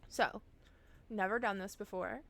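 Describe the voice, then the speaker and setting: Streaming live from home, a woman chats casually with her viewers while setting up a game, swearing freely as she speaks directly to them. Her medium-pitched voice is steady, a little slow, creaky and slightly bright.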